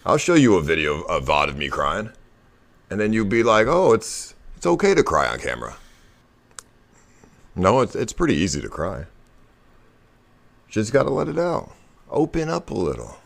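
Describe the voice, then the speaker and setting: A man's voice: lowish voice, huge pitch swings, moderate pace, gravelly, long pauses. A man in his thirties, a streamer, coaxing and persuading someone in casual stream talk.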